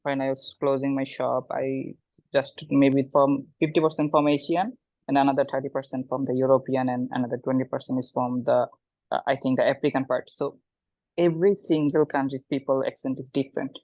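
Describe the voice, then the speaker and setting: A man from Bangladesh, giving an informal motivational talk in an online webinar, often pausing and repeating words. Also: mid-range voice, no room sound, poor audio. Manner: halting, repeats words, animated when quoting people. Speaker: webinar guest speaker.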